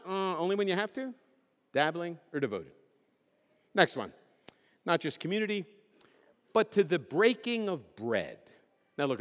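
A middle-aged male pastor preaching a conversational sermon, joking and putting questions to the congregation. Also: on the high side. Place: church sanctuary. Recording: long hall reverb.

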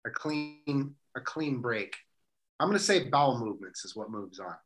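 A male radio co-host talking in loose, casual banter. He rambles through his points with self-deprecating jokes, at a mid pitch. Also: animated, moderate pace, a bit bright.

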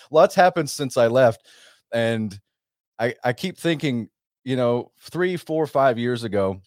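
A man's voice: on the low side, darkish tone, no echo, clean studio sound. A man hosting a radio talk show, talking in a casual, rambling way with chatty asides.

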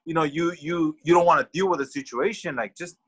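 A man's voice: on the high side, fairly quick, slightly rough, rough recording. A man co-hosting a casual talk show, blunt and heavily profane, laughing often. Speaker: co-host. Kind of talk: casual podcast chat.

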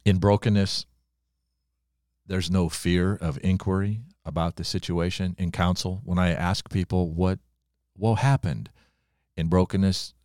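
An older man, a pastor, preaching a sermon in earnest, with dramatic pauses and slowed emphasis. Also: low voice, a little mellow, smooth, dry recording, studio quality.

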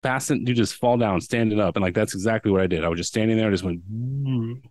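A man's voice: fairly low pitch, quick pace, darkish tone, no echo. A man telling a long story as a podcast guest, rambling, with many restarts and acted-out quotes. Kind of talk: casual storytelling.

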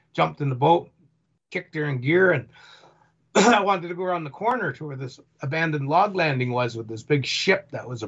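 A man's voice: medium pitch, gravelly, breathy edge. A man telling a rambling first-person story about his boat tour, acting out what people said. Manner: rambling, animated retelling with acted-out quotes. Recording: dull lo-fi recording.

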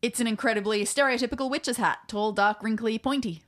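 A woman's voice: fairly high pitch, a little fast, a bit bright. A woman running a tabletop role-playing game as game master, describing scenes in an amused way and laughing often.

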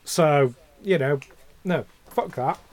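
A man's voice: fairly high pitch, slow, darkish tone, a little hiss or hum. A man co-hosting a podcast in casual chat, rambling and getting heated, with the odd swear. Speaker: podcast co-host.

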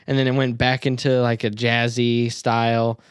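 A man talks through a film he loved, eager and a little self-doubting, tossing in swear words. His voice is smooth and clear. The recording is dry and close, with no room sound. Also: medium pitch, flat delivery, moderate pace, no room sound. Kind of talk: casual movie review chat.

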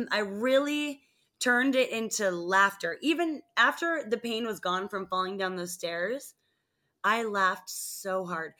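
A woman co-hosting a podcast, telling funny stories in a casual chat and laughing often. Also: medium pitch. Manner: animated storyteller, laughs often. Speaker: podcast co-host.

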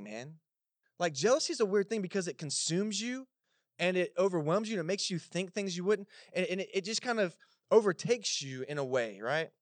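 A Texan man preaching a Sunday sermon in a loose, chatty way, talking straight to the congregation with little asides. His voice sits a bit high for a man, and the sound is close and dry, with almost no room echo. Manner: casual conversational preaching with asides. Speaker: pastor. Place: church service in a cinema auditorium.

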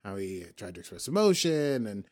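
A man's voice: on the low side, big pitch swings, brisk, a little mellow. A man hosting a podcast, casually recapping a TV episode in a rambling, joking way, often correcting himself. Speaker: podcast host.

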